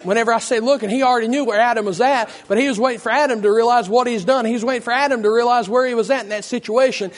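A man preaching a fervent sermon with a hoarse, worn voice, praying with a repeated "Lord" and building to shouts. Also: extremely high pitch, steady tone, very fast, few pauses. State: hoarse, losing his voice.

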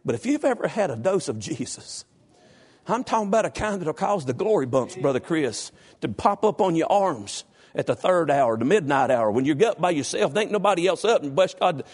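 A man preaching a sermon in a church, swinging from low, quiet talk to high, shouted passages. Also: very animated, fairly quick, husky.

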